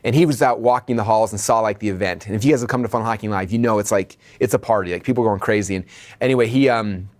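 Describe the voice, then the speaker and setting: A man's voice: lowish voice, quick pace. A man coaching a business training lesson with energy, checking in with "okay?" and "right?" and acting out the dialogue in his stories.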